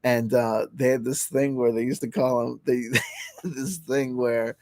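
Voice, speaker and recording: A livestream host from New Jersey tells a rambling, profane story, restarting often, using fillers, and laughing along the way. His mid-range voice is warm and steady, at a measured pace with no echo.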